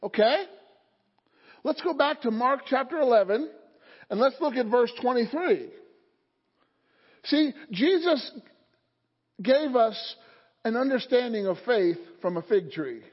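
Male pastor, very high pitch, call-and-response sermon, dull lo-fi sound with lingering church echo. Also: expressive, unhurried, pauses often, slightly rough. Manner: call-and-response preaching, rising to fervent emphasis. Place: church sanctuary. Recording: dull sound, long hall reverb.

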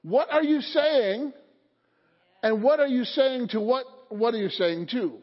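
A man's voice: extremely high pitch, measured pace. A man preaching a sermon as pastor, leading his congregation in call-and-response and building to fervent emphasis. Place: church sanctuary. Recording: dull sound, long hall reverb.

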